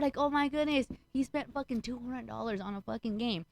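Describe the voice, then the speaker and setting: A woman's voice: a little high, a little fast, creaky, rough recording. A woman comedian on a casual talk show, swearing freely and acting out the voices of people in her stories. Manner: profane, animated storyteller who acts out voices. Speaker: stand-up comedian guest. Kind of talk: casual chat.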